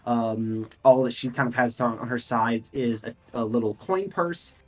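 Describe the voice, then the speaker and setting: A man narrates a tabletop game as game master, talking loosely and rambling, with plenty of fillers. His voice sits at a middle pitch with faint music underneath. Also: moderate pace.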